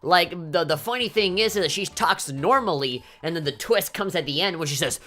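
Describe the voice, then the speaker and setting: Low-voiced, swearing woman gaming commentator. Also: brisk. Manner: animated, swears often, mock-indignant outbursts. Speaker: let's play commentator. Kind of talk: casual gameplay commentary.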